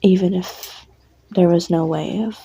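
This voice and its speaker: A woman's voice: fairly low pitch, steady tone, a little slow, gravelly, mellow, a little hiss or hum, rough recording. A young woman narrating a listener role-play audio in a casual, rambling way, full of fillers and swearing.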